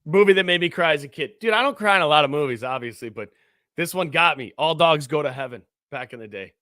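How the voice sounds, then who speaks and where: A man co-hosting a casual podcast chat, quick-witted and teasing, swearing casually. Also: fairly high pitch, animated, sharp tone, no echo, clean studio sound.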